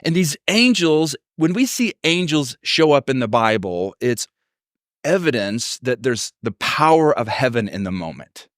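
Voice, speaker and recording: A man's voice: mid-range voice, very animated, a little slow, a bit bright, dry recording, studio quality. A man preaching a sermon as pastor, telling stories and acting out the voices of people he quotes. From Texas. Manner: storytelling, acts out quoted voices.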